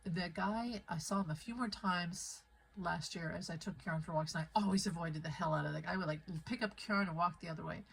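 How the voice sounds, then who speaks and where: At home in the American Midwest, a woman vlogs into her phone, rambling heatedly in a conspiratorial tone. Her fairly low, slightly rough voice has vocal fry and moves a little fast, and the recording quality is low.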